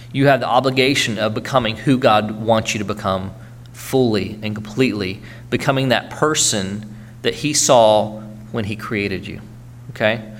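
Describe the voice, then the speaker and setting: A man's voice: medium pitch, fairly bright tone, slight background noise. A man preaching a sermon earnestly, urging his congregation and checking in with frequent "okay?" tags.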